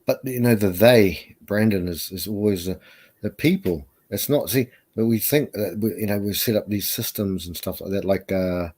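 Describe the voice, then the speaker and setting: A man joins a live stream as a guest and talks in a casual, rambling way. He hesitates often and leans on fillers. His voice sits on the low side. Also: moderate pace, darkish tone, husky.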